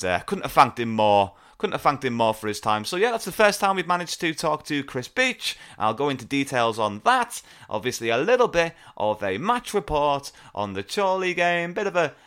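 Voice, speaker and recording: A man's voice: a little high, fairly bright tone. A man hosting a fan podcast, chatting in a jokey, rambling way. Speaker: podcast host. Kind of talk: casual podcast chat.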